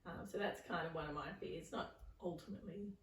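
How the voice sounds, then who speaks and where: Woman, animated storyteller, echoey room. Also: deep voice, a little fast. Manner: animated storyteller, acts out voices, laughs often. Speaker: podcast co-host. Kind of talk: casual chat. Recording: echoey room, far from mic.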